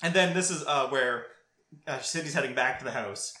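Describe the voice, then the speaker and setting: A man co-hosting a podcast, telling a movie's plot with lively storytelling and mimicked lines. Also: medium pitch, normal speed. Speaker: podcast co-host. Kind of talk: casual movie recap chat. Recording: roomy echo.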